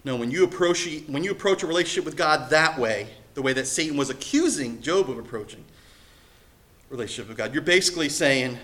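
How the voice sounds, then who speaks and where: A man preaching a sermon as pastor, telling a story in an animated way. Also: a little high, fast. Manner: animated storytelling, acting out quoted voices.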